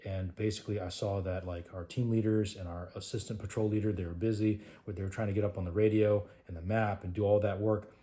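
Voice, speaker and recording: A man tells his trainees a training war story, animated and conversational, sometimes dropping to a hush. His voice is on the low side, and he speaks fast with hardly any pauses.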